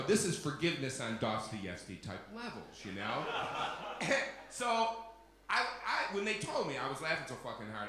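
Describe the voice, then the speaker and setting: On stage alone, a man tells a comic story, swearing freely, acting out the people he quotes, and laughing at his own punchlines. His voice is medium-pitched and drenched in heavy reverb.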